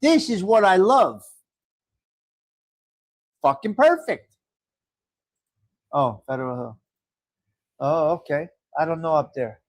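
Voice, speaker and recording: A man's voice: on the high side, big pitch swings, normal speed. A middle-aged man hosting a casual livestream, reading viewer comments and chatting in a rambling way with frequent laughs. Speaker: livestream host.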